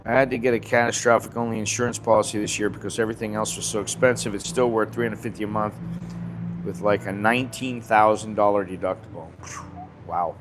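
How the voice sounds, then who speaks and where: A man's voice: lowish voice, fairly even intonation, brisk, noisy background. An American man hosting a casual live stream, talking bluntly in a rambling way and swearing freely. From United States.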